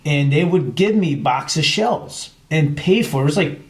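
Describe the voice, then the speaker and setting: A man's voice: fairly high pitch, normal speed. A middle-aged man from New York, telling hunting stories in a casual podcast conversation. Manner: storytelling, animated retelling with quoted voices. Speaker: podcast guest, chapter president. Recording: echoey room.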